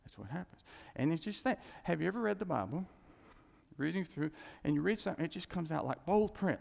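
Man, pastor, sermon, lively swooping delivery, gravelly edge, long reverb of a church hall. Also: high-pitched, a little fast. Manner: animated, repeats phrases, acts out quoted thoughts.

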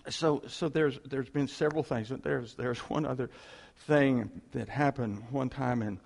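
A man telling church stories to a congregation in a rambling, halting way, chuckling as he goes. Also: medium pitch, creaky, darkish tone. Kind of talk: informal testimony to a congregation. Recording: long hall reverb.

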